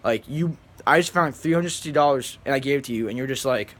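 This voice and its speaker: A man vlogging, telling a story to his viewers in a rambling, animated way and flatly mimicking other people. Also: mid-range voice, fast talker. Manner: animated, rambling, acts out others in flat mumbles. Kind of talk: casual storytelling to camera.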